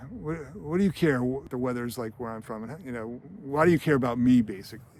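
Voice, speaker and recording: A man retelling a film scene, voicing a calm, menacing male killer who toys with his victim in an unhurried, deadpan way. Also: medium pitch, close to an everyday voice. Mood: coolly menacing. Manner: quiet, measured, deadpan menace.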